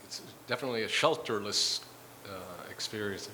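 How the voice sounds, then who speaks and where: Male moderator, lower voice, bright tone, asks brisk casual questions. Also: a little hiss or hum, rough recording. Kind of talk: panel discussion questions.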